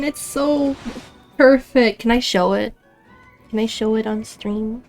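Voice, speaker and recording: Brief: bubbly young woman streamer, laughs a lot, slow unhurried chat, faint game music under her. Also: medium pitch, steady tone. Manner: giggly, bubbly, reads chat aloud. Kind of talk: casual live-stream chat.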